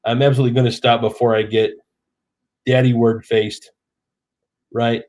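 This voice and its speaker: A man's voice: mid-range voice, little pitch movement, normal speed, darkish tone. A man in his thirties, tipsy, hosting a live stream in chatty, rambling casual talk. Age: 30s.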